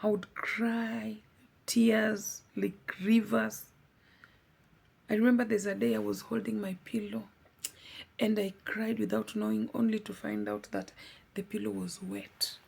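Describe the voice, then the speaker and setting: A woman's voice: medium pitch, animated, normal speed, creaky, a little mellow, breathy edge. A young adult woman vlogger giving a heartfelt personal testimony, earnest and pleading, repeating words for emphasis.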